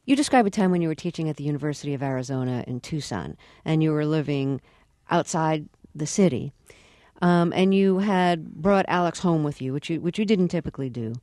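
Low, warm-voiced woman interviewer. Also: dry recording, studio quality. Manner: measured, gentle, searching questions. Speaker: radio interviewer, host. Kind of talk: radio interview questions.

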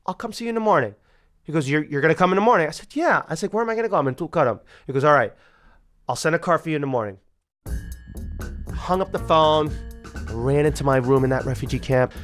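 Thirties male storyteller, slightly high voice, animated, acts out characters; soft music bed. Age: 30s. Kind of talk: first-person storytelling.

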